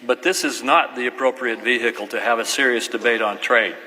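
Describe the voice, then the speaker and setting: A man senator giving a calm, matter-of-fact floor rebuttal. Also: mid-range voice, fairly quick. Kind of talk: formal floor speech. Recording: echoey chamber, faint noise.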